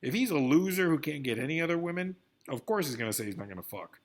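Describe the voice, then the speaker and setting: A man's voice: a little high, lively intonation, fast. A man in a rambling, profane vlog rant about celebrity news, swinging between grumbling and outbursts. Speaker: vlogger.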